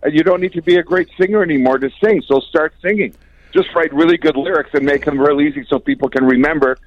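A man's voice: a little high, fast, no room sound. Older male guest, chatty storyteller, lo-fi dry interview audio. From Canada. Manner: chatty anecdotal storyteller, chuckles often. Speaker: guest musician. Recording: dry, dull lo-fi sound.

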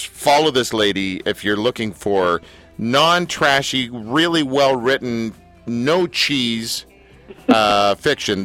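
A man's voice: lowish voice, a bit bright. A man hosting an interview, joking and self-deprecating with rambling questions. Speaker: interview host. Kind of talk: casual interview chat.

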